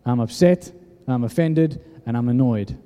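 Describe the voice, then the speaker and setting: A man in his thirties preaching a sermon, telling a story and acting out the dialogue with lively energy. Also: medium pitch, unhurried. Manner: animated storytelling, acts out dialogue. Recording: echoey hall reverb.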